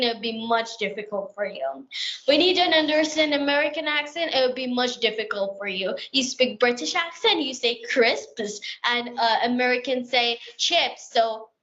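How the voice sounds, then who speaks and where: Woman guest, hesitant and halting, slightly high voice, muffled lo-fi audio. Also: fairly bright tone. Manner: hesitant, many fillers and uneven grammar. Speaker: interview guest, language learner. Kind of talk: explaining in conversation.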